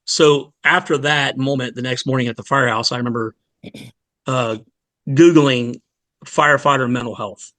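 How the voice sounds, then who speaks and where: A man in his forties, a fire lieutenant, telling an emotional personal story in an earnest, halting way, with many restarts and pauses. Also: medium pitch, fairly even intonation, sharp tone, dry recording. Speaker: fire department lieutenant, guest.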